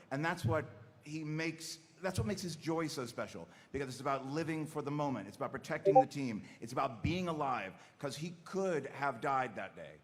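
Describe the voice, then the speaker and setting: A man speaking as a voice actor on a live convention panel, animated and gushing as he tells a story. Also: mid-range voice. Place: large convention hall stage. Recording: reverberant hall with crowd ambience.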